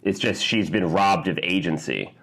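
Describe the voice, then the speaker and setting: A man's voice: normal speed, vocal fry, a crowd in the background. A man co-hosting a film podcast in casual chat, acting out quotes in a raised voice. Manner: animated, acts out quotes in a high voice. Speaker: podcast co-host.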